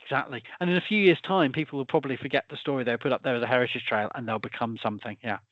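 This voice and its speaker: A man's voice: mid-range voice, fairly even intonation, racing, dry recording, lo-fi sound. Chatty British man, rambling restarts. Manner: rambling, stammering restarts, chuckling asides. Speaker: host. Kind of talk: casual conversation.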